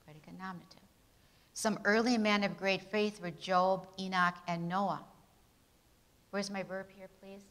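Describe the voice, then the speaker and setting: A woman leads a grammar lesson built on Bible verses. Her voice is bright and clear, and she keeps calling out questions to her class and answering them herself. She gives the key words firm emphasis. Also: mid-range voice, fairly even intonation, unhurried, poor audio.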